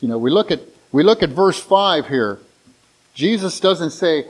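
Middle-aged guy preaching, kinda higher voice, stumbles and restarts a lot, folksy and chatty. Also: animated, a little slow, rough recording. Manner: conversational, stammering restarts, folksy asides. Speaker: pastor. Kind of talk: sermon.

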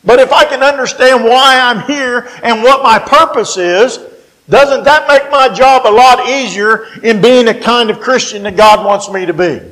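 A man with a West Virginian accent delivers a sermon in a strikingly high voice. His delivery is folksy and emphatic, and he slows down to lean on the key phrases. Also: fairly bright tone, low-quality recording. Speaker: preacher.

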